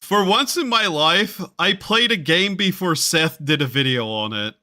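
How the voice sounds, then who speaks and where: A man's voice: high voice, expressive, measured pace, bright, forceful tone. A man streaming a game, chatting casually in a rambling, wry and self-mocking way, with offhand swearing. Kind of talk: casual live-stream chatter while gaming.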